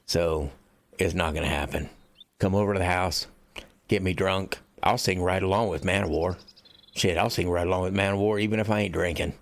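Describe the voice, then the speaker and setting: A man's voice: low voice, a little fast. An American man, an author, chatting bluntly and profanely to his viewers before reading from his own book. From United States. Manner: blunt and profane, loose rambling delivery.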